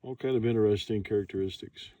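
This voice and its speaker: A man vlogging outdoors in the woods, musing slowly and philosophically as he walks. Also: fairly low pitch, steady tone, mellow, no room sound, lo-fi sound. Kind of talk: reflective outdoor vlog narration.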